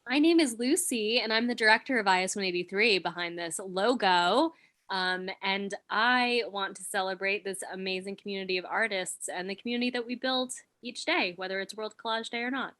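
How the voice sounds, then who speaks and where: Bright-voiced woman, arts director. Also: mid-range voice, a little fast.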